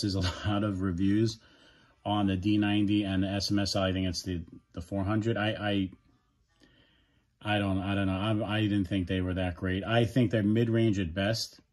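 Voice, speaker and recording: A man with a fairly low voice talks through an audio gear review in a relaxed, unscripted way. He speaks frankly, often stopping to restart or correct himself as he goes. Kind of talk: casual product review.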